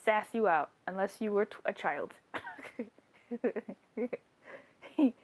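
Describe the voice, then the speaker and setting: A young woman reading tarot on a live stream, chatting with viewers in an animated way, laughing often and swearing casually. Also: mid-range voice, very slow, noisy background. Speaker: tarot card reader.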